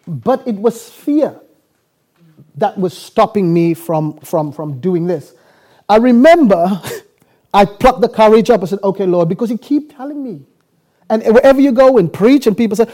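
Preacher from South Africa, storytelling sermon, lively swinging pitch, acts out every exchange. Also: male voice. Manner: animated, acts out dialogue with quick laughs.

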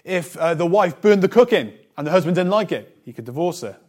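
A man preaching a sermon, reading Bible verses aloud and explaining them in a conversational way with light asides, his phrases often trailing off softly. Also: high voice, lively intonation, brisk. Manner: reads scripture then explains it, trailing off softly at phrase ends.

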